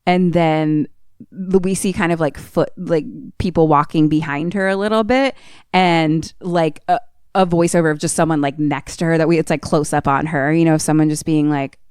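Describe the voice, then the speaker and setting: A woman's voice: sits low, steady tone, normal speed, a little mellow, smooth, no echo, studio quality. A young woman co-hosting a podcast, recapping a movie in a casual, profane way and laughing as she tells it. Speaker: podcast co-host.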